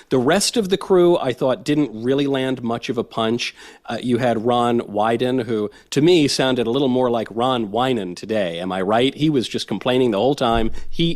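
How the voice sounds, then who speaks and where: A man's voice: mid-range voice, a little mellow. A man who is a guest commentator on a talk show, wry and articulate. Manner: wry, articulate, mimics people he quotes.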